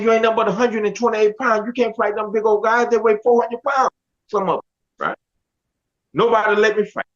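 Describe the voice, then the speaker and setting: A man with a high voice tells his life story in a loose, animated way, acting out friends and teachers as he goes. His speech is casual and full of slang. The recording sounds dull and lo-fi.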